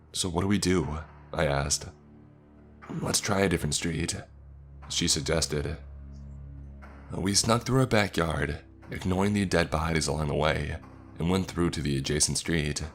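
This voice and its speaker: A man narrating a first-person horror story in a slow, measured way. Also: a bass voice.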